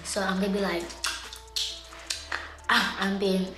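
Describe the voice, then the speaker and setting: A woman hosting her own vlog in a chatty, upbeat way, sometimes dropping to a hushed voice. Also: mid-range voice, little pitch movement, a little slow. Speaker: vlog host. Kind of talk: casual vlog chat. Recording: echoey room with loud music behind.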